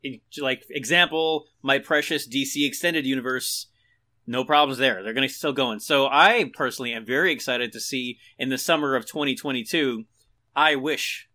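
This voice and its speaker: A man guests on a casual podcast with a bright, forward voice. He moves between mock-solemn lines and playful jokes. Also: mid-range voice, moderate pace. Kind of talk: casual comedic podcast banter.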